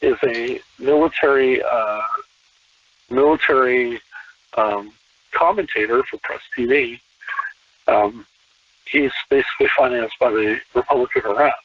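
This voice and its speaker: Male podcast guest, husky voice, dry phone-line sound, animated and repetitive. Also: mid-range voice, measured pace, pauses often, no room sound, distant mic. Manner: animated, repeats himself, many restarts. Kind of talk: casual conversation. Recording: tinny phone-line call.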